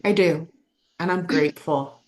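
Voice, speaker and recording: A woman's voice: deep voice, measured pace, darkish tone. A woman hosting a heartfelt chat, talking in an effusive, affectionate way and repeating loving words. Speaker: host. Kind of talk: emotional casual chat.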